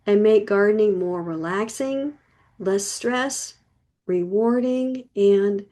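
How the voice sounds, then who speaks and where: A middle-aged woman leads a gardening class at an unhurried, slow pace. She explains things in a chatty, folksy way and leans on everyday comparisons. Her voice sits at a medium pitch. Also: a little mellow. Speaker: gardening teacher. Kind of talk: online class presentation.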